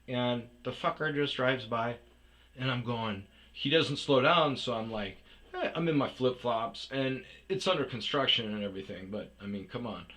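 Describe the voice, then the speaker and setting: A man casually telling a profane, animated story about chasing a delivery driver, with yelled reenactments. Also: medium pitch, normal speed. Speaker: storyteller host. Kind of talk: casual ranting anecdote.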